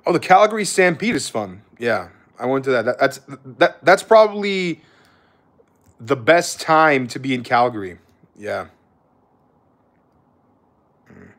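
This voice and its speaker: A man's voice: mid-range voice, sing-song, a little slow, pauses often, a bit bright. A young man chatting casually on a live stream, laid-back and swearing freely, calling viewers bro.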